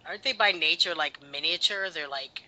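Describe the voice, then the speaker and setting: A man with a bright, crisp voice, a little higher than most, chatting casually about a film. He muses aloud and lets his sentences trail off. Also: normal speed, rough recording.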